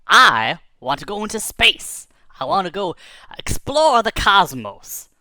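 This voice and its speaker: A self-satisfied male bird inventor who boasts about his degrees and his rocket, as a man puts him on. The voice is bright and bouncy with a lively swing in pitch. It is recorded dry and close, with no room sound. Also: normal speed, no echo, full character voice. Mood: smug. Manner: smug, matter-of-fact, a little indignant. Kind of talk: improvised storytelling.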